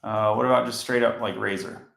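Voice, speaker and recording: Male coding streamer, sleepy and monotone, some vocal fry, roomy echo. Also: fairly low pitch, fairly quick. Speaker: software developer teaching on a live stream. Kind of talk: casual live coding stream.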